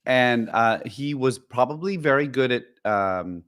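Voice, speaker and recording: A man's voice: medium pitch, lively intonation, measured pace, a bit bright. A man co-hosting a podcast in casual chat, rambling and opinionated, full of fillers. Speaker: podcast co-host.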